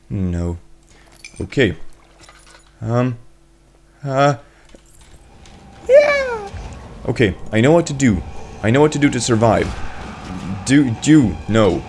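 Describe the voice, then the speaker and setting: Excitable young man with a jumpy, lively voice. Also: mid-range voice, takes it slowly, long pauses, a little hiss or hum. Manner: excitable, jokey, bursts into yelps and swearing; talks to game monsters in mock voices. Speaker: let's play host. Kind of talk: gameplay commentary.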